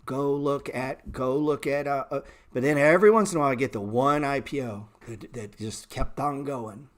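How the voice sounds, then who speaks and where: A middle-aged man hosting a stock trading livestream, talking bluntly and sarcastically with swearing, and jumping into animated, louder rants. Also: moderate pace. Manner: animated rants that jump in pitch and volume. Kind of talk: casual livestream chat.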